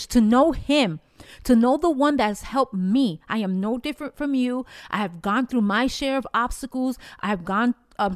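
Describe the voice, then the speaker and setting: An older woman with a fairly high voice gives fervent encouragement on her devotional podcast. She speaks in a preacherly, uplifting way, recorded in a dry, close room. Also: no echo. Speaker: podcast host. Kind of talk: devotional podcast talk with prayer.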